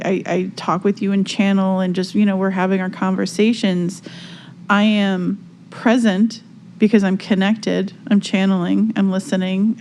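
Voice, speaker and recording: A woman's voice: medium pitch, warm tone, a little hiss or hum. A woman co-hosting a casual spiritual podcast chat, talking reflectively and searching for words with many fillers. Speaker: podcast co-host.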